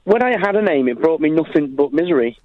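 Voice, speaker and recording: A man's voice: on the high side, expressive, fast, dry recording. A man calling in to a comedy phone-in, aggrieved and indignant. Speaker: caller. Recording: muffled lo-fi phone line.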